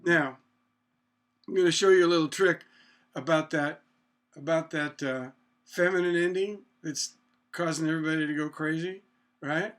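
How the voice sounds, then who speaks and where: A man with a slightly high, steady voice teaches a songwriting lesson while playing guitar, which sounds loudly beneath him. He talks slowly, restarts a lot, asks rhetorical questions and sings brief "na na" phrases to illustrate chords.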